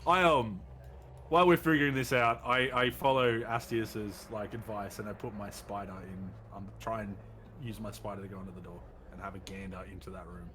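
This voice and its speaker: A man's voice: on the low side, fairly even intonation, a little fast, sharp tone, slight background noise. A man playing a tabletop game, joking and swearing in casual banter with the table. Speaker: player.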